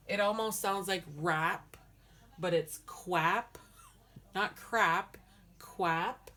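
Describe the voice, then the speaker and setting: Woman language teacher, very slow and patient, lowish voice, drills words syllable by syllable. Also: a bit bright. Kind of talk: slow spoken language lesson.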